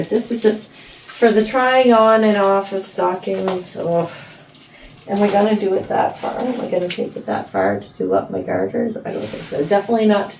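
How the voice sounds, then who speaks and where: A woman's voice: mid-range voice, animated, moderate pace. A woman from Canada, a vlogger chatting in a playful, rambling way while trying on clothes at home. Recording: roomy, distant, faint room noise.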